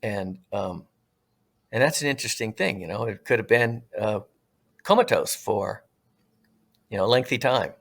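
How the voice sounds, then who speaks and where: A middle-aged man from Southern California, a retired firefighter and podcast guest, telling his story in an earnest, reflective way, drawing out some phrases slowly. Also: fairly low pitch, gravelly, fairly bright tone. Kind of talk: casual storytelling.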